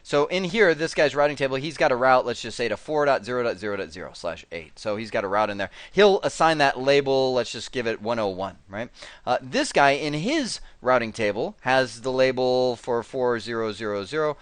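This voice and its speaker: Animated male networking instructor, dry sound. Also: medium pitch, a little fast, no room sound. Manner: animated, acts out routers in quoted voices. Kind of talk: whiteboard technical lecture.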